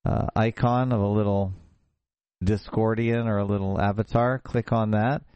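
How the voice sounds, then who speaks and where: A man hosting a show, talking casually over a video call in a halting way, often restarting his sentences. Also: on the low side, steady tone, a little mellow, clear, resonant tone, no room sound, muffled recording. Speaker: show host.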